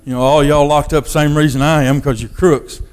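A man giving his testimony as a sermon, in a folksy storytelling manner that drops to a hush for quoted thoughts. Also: fairly high pitch, fairly even intonation, moderate pace, smooth.

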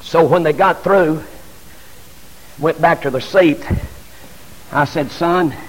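A middle-aged man, preaching an impassioned sermon as a pastor, rising to shouts and stumbling over repeated fillers. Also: fairly high pitch, slow. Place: church. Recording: long hall reverb.

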